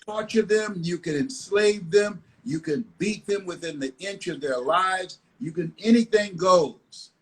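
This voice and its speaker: A man's voice: sits high, a little slow, few pauses, low-quality recording. An older man from the United States, a motivational speaker telling stories in a live online interview, emphatic and repetitive. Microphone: live video call.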